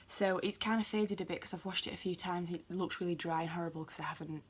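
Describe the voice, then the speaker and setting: A woman's voice: fairly low pitch, fairly even intonation, fast talker, slight background noise. A British woman in a chatty home vlog who rambles with lots of ums and mutters asides to herself, recorded on a phone. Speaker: beauty vlogger. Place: at home indoors. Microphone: phone camera.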